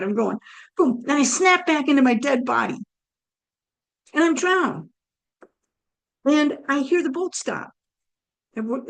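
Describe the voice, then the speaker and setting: Gravelly-voiced woman telling her story. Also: a little high. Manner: animated, chatty storyteller. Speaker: guest speaker. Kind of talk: personal storytelling.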